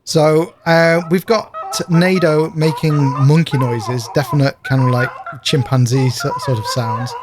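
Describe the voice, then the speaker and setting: An English podcast co-host walking through a recap in a steady narrating way. His voice sits slightly high, and he keeps things relaxed and chatty. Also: a little slow, few pauses, background noise. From England. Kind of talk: casual chat, recapping episodes.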